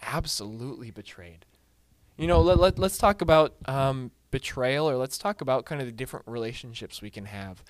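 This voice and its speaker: A man's voice: medium pitch, expressive, normal speed, dry recording. A man leading a casual group book discussion, full of fillers and restarts, putting questions to the group.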